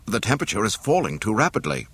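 A man voicing an anxious male deck officer, hurried and worried. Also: on the low side, big pitch swings, a bit bright, husky, no room sound, voice pushed up, full character voice.

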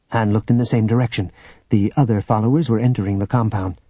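A man reading scripted narration for an audiobook in a measured, steady way. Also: lowish voice, breathy edge, no echo. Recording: dull lo-fi audiobook recording.

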